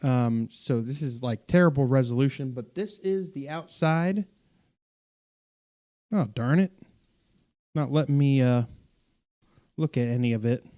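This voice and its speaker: Mellow-voiced man chatting on a live stream. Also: mid-range voice, expressive, unhurried, long pauses. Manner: rambling, self-correcting, many fillers and restarts. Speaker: pastor and streamer hosting a live Q&A. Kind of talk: casual live-stream chat reading viewer comments.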